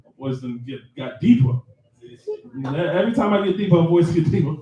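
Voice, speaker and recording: A man with a slightly high, mellow, expressive voice talks a little fast, though the audio is dull. He's a stand-up comedian on a comedy club stage, doing a loose, profane live set and laughing at his own jokes. The club sound is roomy and picked up from a distance.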